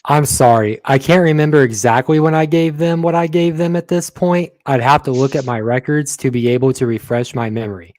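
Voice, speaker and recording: A man reading the part of a police detective giving courtroom testimony in formal, measured, apologetic answers. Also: medium pitch, steady tone, darkish tone, no echo, lightly acted. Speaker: reader in a transcript read-through.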